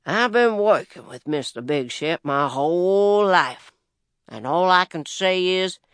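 Slow, smooth-voiced Southern US male narrator. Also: sits high, fairly bright tone, dry recording, studio quality. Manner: unhurried, plainspoken, wry storytelling in dialect. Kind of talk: first-person audiobook narration.

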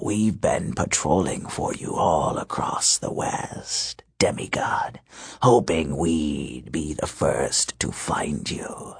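A man voicing a menacing ancient wolf king with a low, slow, breathy snarl. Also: dry recording, clean studio sound, exaggerated voice.

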